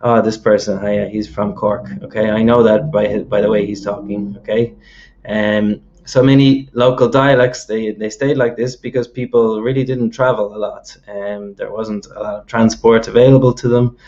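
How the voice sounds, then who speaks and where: A man's voice: on the low side, flat delivery, normal speed, a little mellow, dull audio. An Irish man with a mild accent, patiently explaining with examples and often checking "okay?" as he goes. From Ireland. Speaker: host. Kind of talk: explanatory lesson.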